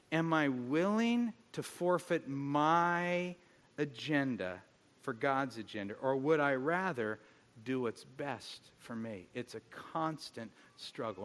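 A middle-aged man preaching a sermon as pastor, telling stories with animated, self-mocking humor. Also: mid-range voice. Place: church hall. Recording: long hall reverb.

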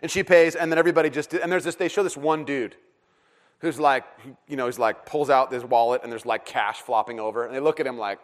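A middle-aged man preaching a sermon in a casual, joking and animated way, with plenty of fillers and restarts. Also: on the high side, quick pace. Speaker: pastor.

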